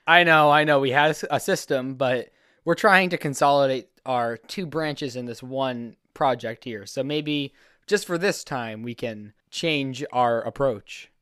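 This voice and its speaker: A man's voice: mid-range voice, unhurried, a bit bright, clean tone, dry recording, clean studio sound, lightly acted. A man improvising as a nervous, old-fashioned businessman who hesitates and stumbles over his words. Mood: flustered. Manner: hesitant, flustered, full of fillers. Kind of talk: improvised comedy scene.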